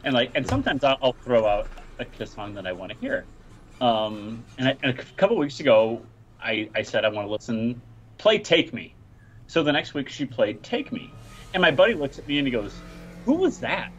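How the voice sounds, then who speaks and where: Lively man telling a story on a dull line. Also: medium pitch, brisk. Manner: animated storyteller. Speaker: podcast panelist. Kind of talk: casual chat, storytelling. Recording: dull lo-fi line with faint noise.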